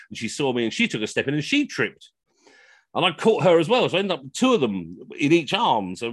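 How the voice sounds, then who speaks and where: Lively man telling comic stories. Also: mid-range voice, fast talker, slightly rough, no room sound. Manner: animated, slips into funny voices for the people he describes. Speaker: costumed Henry VIII entertainer telling stories. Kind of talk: comic anecdote storytelling. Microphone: video call.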